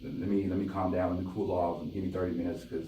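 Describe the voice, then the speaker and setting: Low-voiced male podcast guest, relaxed and explanatory; echoey studio with faint ambience. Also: quick pace, far from the mic, slight background noise. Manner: easygoing, explains his view. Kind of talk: casual chat.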